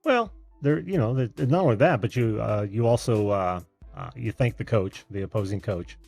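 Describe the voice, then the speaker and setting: A man's voice: lowish voice, animated, moderate pace, gravelly, darkish tone, husky, dry recording, soft background music. A man hosting a call-in show over video, easygoing and often laughing. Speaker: host. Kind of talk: casual chat.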